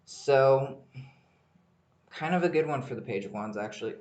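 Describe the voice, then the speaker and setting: Rambling, excitable man in an echoey room. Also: medium pitch, normal speed, dull audio. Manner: rambling and excitable, swears freely. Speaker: podcast host. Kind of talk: casual solo podcast monologue.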